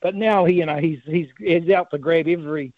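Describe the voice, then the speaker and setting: A New Zealand man talks down a tinny, dry phone line as a radio interview guest. His voice sits on the high side for a man, and he rambles, laughs often and fills his pauses with ums and uhs. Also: no echo. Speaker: politician guest, campaign director.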